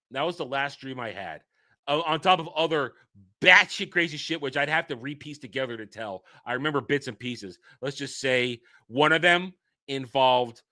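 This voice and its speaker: A man hosting a casual livestream, rambling and excitable, swearing and swinging between loud outbursts and low muttering. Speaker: streamer host.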